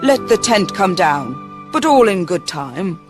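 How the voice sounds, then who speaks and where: A woman reading a storybook, voicing a stately male circus ringmaster with a lowered voice. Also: big pitch swings, measured pace, over music. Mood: admiring. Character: grand old circus ringmaster, man.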